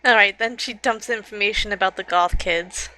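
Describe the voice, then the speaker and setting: Woman player, bright sharp voice, short plain answers. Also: medium pitch, normal speed, a little hiss or hum, rough recording. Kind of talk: casual tabletop play.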